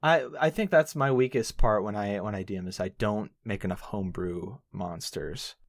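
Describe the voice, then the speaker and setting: A man's voice: on the low side, normal speed, no room sound, studio quality. A man hosting a podcast, chatting casually with lots of hesitations and fillers. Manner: animated, hesitant with many fillers. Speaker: podcast host. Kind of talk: casual chat.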